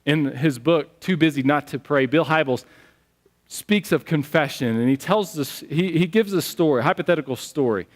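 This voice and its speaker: A man preaching a sermon as pastor, telling stories in an animated, conversational way. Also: on the high side, moderate pace. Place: church sanctuary. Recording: long church hall reverb.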